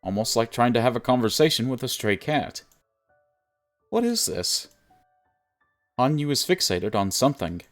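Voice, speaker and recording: A man's voice: mid-range voice, sing-song, moderate pace, long pauses, faint music behind. A man streaming a visual novel, reading the story aloud and chatting casually with viewers, laughing often.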